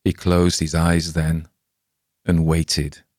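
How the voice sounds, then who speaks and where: Deep-voiced man narrating a dark tale. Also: steady tone, moderate pace, no room sound, clean studio sound. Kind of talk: scripted story narration.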